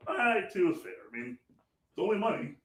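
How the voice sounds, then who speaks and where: A man's voice: sits high, big pitch swings, normal speed. A man playing a hesitant, stammering close friend who laughs easily, in acted drama dialogue. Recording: distant, roomy, faint noise.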